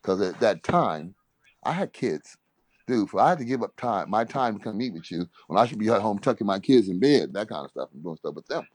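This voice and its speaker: A man, a former basketball player, telling a casual anecdote in an animated way, laughing often and repeating "he said". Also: on the low side, fairly quick, no echo.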